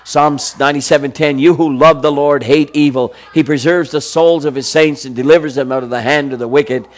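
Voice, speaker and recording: A man preaching a sermon, reading verse after verse of scripture and swinging between soft, slow passages and emphatic, rising exclamations. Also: fairly high pitch, fairly even intonation.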